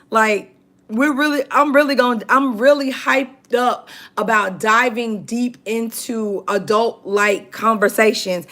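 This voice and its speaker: A woman hosts a casual livestream and talks in an unhurried, drawn-out way. Her voice sits a little high, and she reads viewer comments aloud in a chatty, emphatic tone. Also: a bit bright. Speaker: livestream host.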